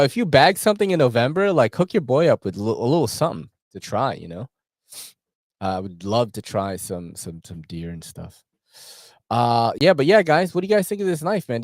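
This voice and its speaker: A man's voice: mid-range voice, darkish tone, no echo, studio quality. A man hosting a casual livestream chat, slangy and full of fillers and swearing. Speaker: host.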